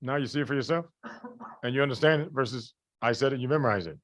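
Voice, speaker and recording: A man's voice: mid-range voice, quick pace, fairly bright tone. A man teaching a live class, often asking rhetorical questions and checking that everyone understands, with folksy, colloquial phrasing. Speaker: medical lecturer.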